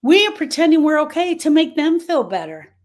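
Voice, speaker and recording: A woman's voice: sits high, very animated, fairly quick. A woman hosting a live stream on grief, speaking earnestly and directly to viewers and repeating her key phrases for emphasis. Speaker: grief support host.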